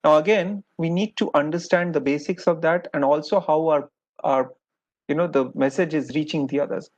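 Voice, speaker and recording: A man's voice: on the high side, normal speed. A man with an Indian English accent, lecturing postgraduate doctors in a patient, explanatory way. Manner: patient, explanatory, repeats "many a times". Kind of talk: recorded lecture. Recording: dull lo-fi audio.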